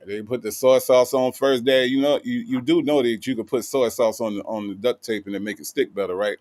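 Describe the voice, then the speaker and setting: A man's voice: medium pitch, fairly even intonation, a little fast, a little mellow, no room sound. A man, co-hosting a livestream chat, mocking and laughing often. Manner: mocking, laughing often, drops into put-on street voice. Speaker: co-host.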